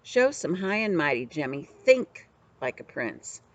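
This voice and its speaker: A woman's voice: low-pitched, very animated, unhurried, exaggerated voice. A woman voicing a clever, scheming street-boy servant in a storybook reading, acting grand to fool his captors. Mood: musing. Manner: crafty, putting on airs.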